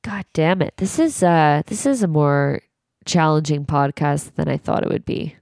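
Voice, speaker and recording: A woman co-hosting a podcast, talking frankly and at length, jumping high when she quotes people. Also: lively intonation, normal speed, gravelly, darkish tone, dry recording, clean studio sound. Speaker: podcast co-host. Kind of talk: candid podcast monologue.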